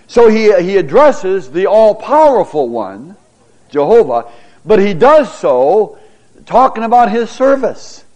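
A middle-aged man, a pastor, teaching a Bible class, reading scripture dramatically and pausing with fillers and repeated words. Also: sits high, sing-song, a little mellow.

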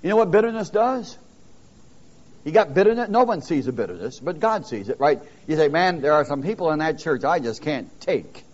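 A preacher with a fairly high, darkish voice delivers a very animated sermon a little fast. He emphatically presses his points and calls out questions to the congregation, captured in a dull lo-fi recording.

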